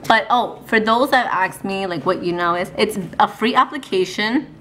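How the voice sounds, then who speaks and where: A young woman chatting casually to her camera in a home vlog, bubbly and giggly and quick to gush. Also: medium pitch, a bit bright. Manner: bubbly, giggly, easily gushing. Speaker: vlogger. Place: at home, later in a car. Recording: noisy background hum.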